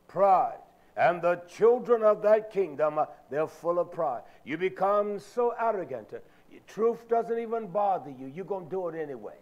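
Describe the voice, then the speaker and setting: A man's voice: high-pitched, a little mellow. A male preacher giving an impassioned Sabbath sermon, emphatic and full of filler sounds as he drives his points home.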